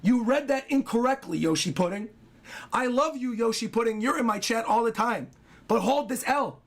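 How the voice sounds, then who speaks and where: A man with a high, hoarse voice that sounds worn out from talking. He rambles excitably through a casual livestream, reading donations and breaking off to talk to his dog. It has the loose feel of someone chatting at home. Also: moderate pace.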